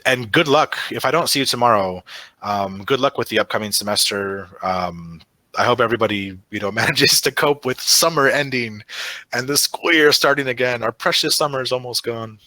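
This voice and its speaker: A man's voice: mid-range voice, normal speed, pushed and bright, no echo. A man running an online teacher-training webinar, chatty, with many fillers and tag "right?" checks. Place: online video session.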